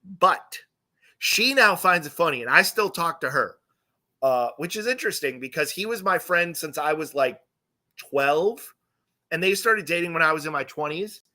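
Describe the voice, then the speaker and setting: A young man on a live stream, rambling through a casual story. His voice sits a little high and sounds sharp and tense. He swears freely, mocks himself and acts out other people's lines. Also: expressive, normal speed. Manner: rambling, profane, self-mocking, acts out quoted voices.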